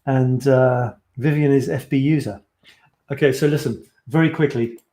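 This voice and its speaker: A man hosts a live online stream from home, talking loosely and rambling as he greets viewers. He reads their comments aloud and chats back in a relaxed, off-the-cuff way. His pitch sits in an ordinary middle range for a man. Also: normal speed. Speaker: host of a photo challenge livestream. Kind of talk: casual live stream chat.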